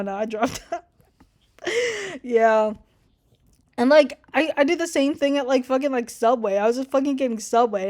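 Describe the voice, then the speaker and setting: A young woman telling a casual storytime, chatty and swearing a lot, voicing people she quotes with animation. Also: fairly high pitch. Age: young adult. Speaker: vlogger.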